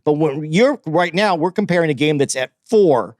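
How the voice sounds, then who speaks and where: A man's voice: a little high, lively intonation, moderate pace, darkish tone, dry recording, studio quality. A man co-hosting a podcast in casual chat, retelling eagerly with many restarts. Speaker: podcast co-host.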